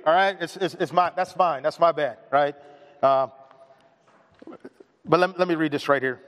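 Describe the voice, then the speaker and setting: A man's voice: high-pitched, normal speed, long pauses, fairly bright tone, some chatter behind. A male pastor preaching a casual, conversational sermon to his congregation, often repeating words as he restarts his sentences. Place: church sanctuary. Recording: long hall reverb in a church.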